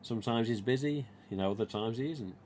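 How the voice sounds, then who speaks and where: A mask collector from the East Midlands hosts a casual live stream, talking fast in a medium-pitched, slightly mellow voice. He rambles in a chatty way and retells dialogue, with a little hiss or hum present.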